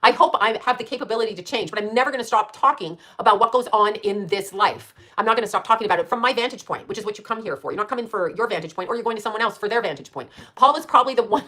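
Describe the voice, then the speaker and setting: A woman in her late fifties talks fast and bluntly on her own channel. She is profane and combative, rambling from one jab to the next and laughing at her own insults. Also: medium pitch, a bit bright. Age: late 50s. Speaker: channel host. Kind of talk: casual live-stream rant.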